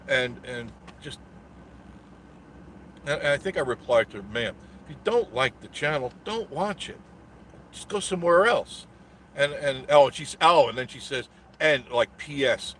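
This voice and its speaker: A man's voice: mid-range voice, a bit bright, slight background noise. A man hosting a casual live stream, telling a rambling story with a sarcastic edge and greeting viewers in the chat.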